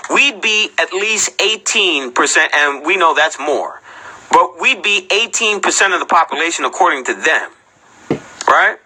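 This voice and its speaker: A man's voice: a little high, expressive, measured pace, sharp tone, soft background music, low-quality recording. A man ranting on a livestream, confrontational and profane, firing off rhetorical questions. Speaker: livestream host.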